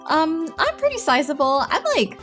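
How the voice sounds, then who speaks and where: A young woman telling a storytime as a VTuber, dramatic and animated, laughing often. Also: high-pitched, normal speed, soft background music.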